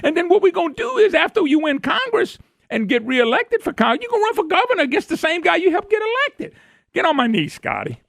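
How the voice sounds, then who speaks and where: A man's voice: extremely high pitch, very animated, fast, creaky, fairly bright tone, no room sound, clean studio sound, voice pushed up, exaggerated voice. A man mocking a patronizing political elite. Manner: mocking, sing-song baby talk. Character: condescending male political elite, fawning and patronizing.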